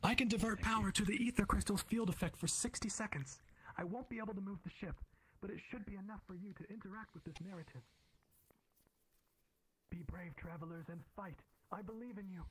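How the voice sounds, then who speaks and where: A man's voice: high-pitched, a little fast, long pauses, fairly bright tone, slightly rough, pitched above the performer's own voice, poor audio. A man voicing an earnest female starship pilot, pleading with the crew to fight, in live immersive theater. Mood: hushed rousing. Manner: pleading, rousing. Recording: crowd chatter behind.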